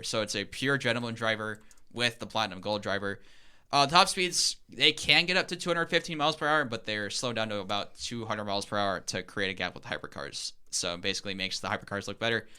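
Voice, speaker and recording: A man's voice: medium pitch, bright, forceful tone, clear, resonant tone. A young man co-hosting a podcast, eagerly explaining in a casual, rambling way with lots of fillers. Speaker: podcast co-host.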